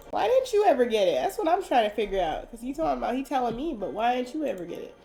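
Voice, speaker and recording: A woman's voice: a little high, big pitch swings, fast talker, creaky, few pauses, mellow, faint music behind. A young adult woman giving casual, wry commentary as she plays a video game, thinking aloud as she goes. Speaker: gaming video host.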